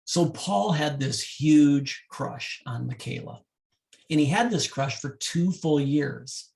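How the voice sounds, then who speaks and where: A man working as a wedding DJ, speaking directly to couples and telling a love story in an animated way. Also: fairly high pitch, slow, vocal fry.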